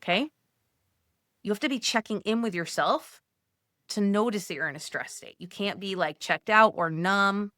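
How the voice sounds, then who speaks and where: Recorded with clean studio sound and no room echo, a woman with a medium-pitched voice talks at normal speed. She walks Catholic mothers through steps in a relaxed, gently coaching way, using "like" frequently.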